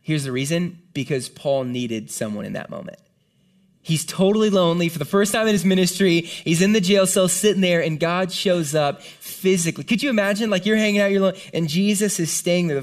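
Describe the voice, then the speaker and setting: Casual high-voiced male preacher. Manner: conversational, animated, lots of "like" and "right?". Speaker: pastor. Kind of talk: casual sermon. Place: church hall with audience.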